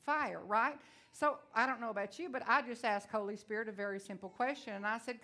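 A woman's voice: a little high, fairly quick, pushed and bright. A middle-aged woman preaching a sermon to women, telling stories and acting out her own dialogue. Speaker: women's ministry speaker.

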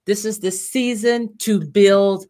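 A woman co-leading a live Bible teaching, talking conversationally with pauses and restarts. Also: mid-range voice, steady tone, warm tone. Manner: conversational, asks questions, hesitant.

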